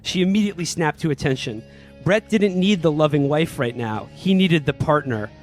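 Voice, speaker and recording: A man's voice: on the high side, expressive, normal speed, faint music behind. Man mock-reading a thriller aloud. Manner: mocking dramatic reading, breaking into laughter. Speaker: podcast co-host. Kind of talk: reading a novel aloud for laughs.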